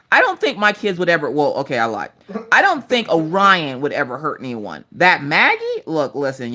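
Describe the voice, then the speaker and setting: A woman in her thirties hosting a craft livestream, telling animated family stories in casual chat. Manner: animated storytelling, jumps to high squeals in quoted voices.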